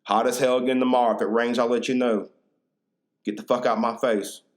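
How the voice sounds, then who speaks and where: A man's voice: medium pitch, level tone, a little fast, close to an everyday voice. Dude doing a laid-back newsman, blunt and sweary, brushing it all off. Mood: dismissive. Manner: blunt, profane, dismissive. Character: blunt laid-back man reading the news.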